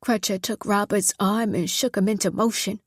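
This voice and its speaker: Woman reading an audiobook, kinda husky, dry close sound, steady pace. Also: mid-range voice, moderate pace, no echo. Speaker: audiobook narrator. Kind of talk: scripted narration.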